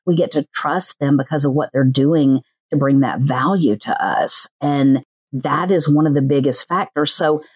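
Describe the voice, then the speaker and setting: A woman with a Southern US accent, a podcast producer chatting in an interview and slipping into quick voiced asides. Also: low-pitched, slightly rough, no echo. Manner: chatty, animated, mimics other people's voices in quick asides. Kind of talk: casual interview chat.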